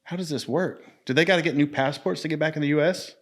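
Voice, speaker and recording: A man's voice: a little high, fast. A man hosts a podcast in a loose, joking way, with frequent swearing. His banter is easygoing and casual. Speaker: podcast host.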